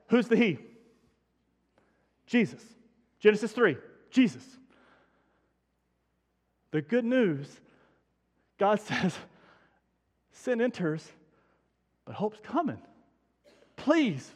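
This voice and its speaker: A man delivering a lively sermon in a high voice, leaning on repeated phrases and talking straight to his congregation. His voice rings out with a long reverb from a large church sanctuary. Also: slow pace, pauses often. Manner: energetic, conversational preaching with emphatic repetition. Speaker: pastor.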